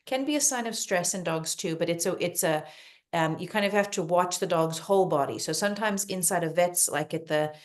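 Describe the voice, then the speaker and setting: A woman talking as a dog behavior expert guest on a podcast, calm and explanatory, often repeating words for emphasis. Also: lowish voice. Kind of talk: podcast interview advice.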